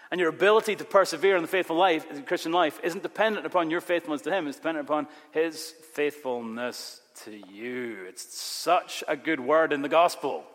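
A male pastor preaching a sermon, emphatic, with sudden loud rises on key words. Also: medium pitch. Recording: long reverb of a large hall.

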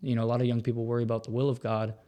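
A man's voice: mid-range voice, level tone, mellow. A young man, a guest on an interview, chatting in a casual way. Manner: quick and chatty.

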